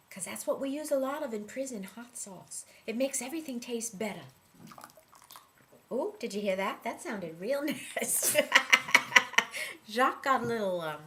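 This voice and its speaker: A woman's voice: fairly high pitch, expressive, measured pace, pauses often, fairly bright tone. A woman clowning her way through a mock cooking demonstration, playful and teasing in a sing-song way. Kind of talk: mock cooking show comedy.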